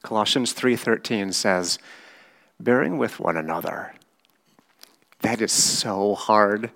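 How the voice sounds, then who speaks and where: A man delivers a sermon in a lowish voice. He speaks very slowly and deliberately, like a patient teacher, and often checks in with his listeners. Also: vocal fry, fairly bright tone. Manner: slow, measured teaching with frequent "right?" checks. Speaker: pastor.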